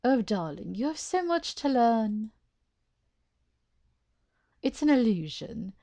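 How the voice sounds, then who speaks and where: A woman voicing a sly, cruel male monster illusionist who talks down to others in a slow, mocking drawl while reading game dialogue aloud. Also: a little high, sing-song, warm tone, heavily acted. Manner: drawling, condescending teasing.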